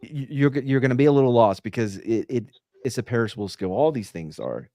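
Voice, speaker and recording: A man's voice: mid-range voice, animated, fast, mellow, no echo, studio quality. Blunt, profane ex-cop man. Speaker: podcast host, former police officer. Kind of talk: casual podcast chat, storytelling.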